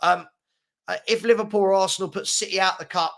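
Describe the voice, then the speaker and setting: A man's voice: sits high, fairly even intonation, brisk, a bit bright. A man hosting a casual live football chat, reading out viewer comments in a rambling, slangy way and repeating himself. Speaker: football chat show host.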